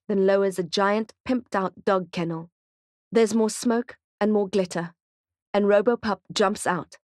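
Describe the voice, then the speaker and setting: A woman narrating a thriller audiobook in a tense, steady, present-tense storytelling voice. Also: medium pitch, no echo, clean studio sound.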